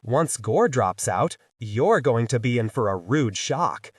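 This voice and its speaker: A man's voice: medium pitch, animated, slow pace, husky, distant mic. A touchy alien doctor who bristles and defends himself, voiced by a man in an audiobook. The reading is close and dry, with no room echo. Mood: indignant. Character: prickly alien doctor, indignant male.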